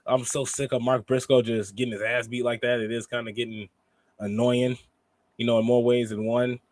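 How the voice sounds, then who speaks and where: A man's voice: mid-range voice, flat delivery, normal speed, a little mellow, dry recording. A man co-hosting a wrestling review podcast in rambling, slangy casual chat. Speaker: podcast co-host.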